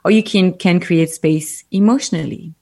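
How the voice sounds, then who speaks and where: Low-pitched female guest with a French accent; lively anecdotes, calm reflective advice. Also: moderate pace, creaky. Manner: animated storyteller, gentle and reflective when advising. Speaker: podcast guest. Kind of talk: casual interview chat.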